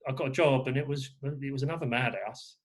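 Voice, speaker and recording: A man's voice: mid-range voice, fairly quick. A man from England, talking as a guest in a rambling way with many fillers and restarts. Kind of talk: casual conversation.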